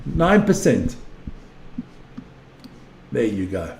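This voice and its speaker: A man's voice: medium pitch, big pitch swings, extremely slow, vocal fry, darkish tone. Rambling man, echoey room. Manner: rambling, repeats himself, swears freely. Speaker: live-stream rugby commentator. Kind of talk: casual live-stream chat reading viewer comments. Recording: echoey room with faint ambient noise.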